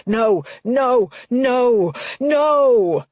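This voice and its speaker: A woman reading an audiobook voices an elderly father with dementia in a low, slow, husky voice. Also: exaggerated voice. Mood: shouting. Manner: low, slow, shifting from lucid calm to panicked shouting.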